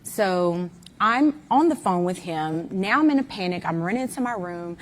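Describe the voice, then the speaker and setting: A woman's voice: lowish voice, expressive, normal speed. Woman recounting a night, hesitant. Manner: hesitant, detailed retelling with fillers. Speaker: mother recounting events. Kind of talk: interview account.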